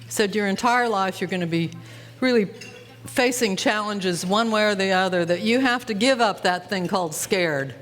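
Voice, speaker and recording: A woman's voice: medium pitch, moderate pace. Older woman telling stories in a hall. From Utah, USA. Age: 70s. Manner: folksy, animated storytelling. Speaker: keynote speaker. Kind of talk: storytelling speech. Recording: live hall with faint clatter.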